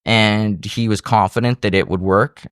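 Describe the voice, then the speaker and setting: A man hosting a podcast in casual chat, telling stories with lively acted-out quotes. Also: on the low side, moderate pace, smooth, no echo, clean studio sound. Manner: animated storyteller, acts out quotes. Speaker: podcast host.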